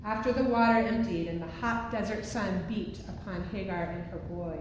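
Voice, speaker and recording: A woman's voice: medium pitch, animated, moderate pace, slight background noise. A woman preaching a sermon from the pulpit in an earnest, emphatic way. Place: church sanctuary. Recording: echoey hall, heard from a distance.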